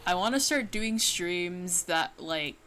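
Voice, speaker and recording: A woman's voice: lowish voice, animated, takes it slowly, heavy background noise. A woman streaming a game, chatting casually and rambling with lots of fillers, now and then yelping at the game. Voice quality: worries her voice sounds nasal. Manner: rambling, filler-heavy, breaks into yelps at the game. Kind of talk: casual gaming stream chat. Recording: game music playing behind.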